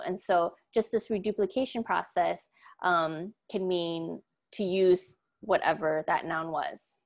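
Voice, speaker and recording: A woman's voice: fairly low pitch, fairly even intonation, unhurried. A young woman giving a casual class presentation, talking loosely with frequent ums and upbeat asides. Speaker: student presenter.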